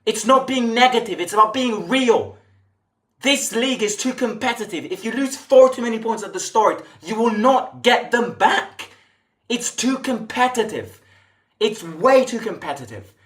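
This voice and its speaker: A man's voice: very high voice, lively intonation, normal speed, fairly bright tone. Exasperated man ranting in an echoey room. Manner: exasperated, swearing, repetitive ranting. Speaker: football fan channel host. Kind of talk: post-match reaction rant.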